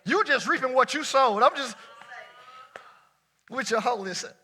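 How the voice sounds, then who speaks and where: A man preaching a sermon to a church congregation, talking casually, shouting at some points and dropping low at others. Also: unhurried. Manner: lively colloquial preaching, swinging between shouts and near-quiet asides. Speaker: pastor.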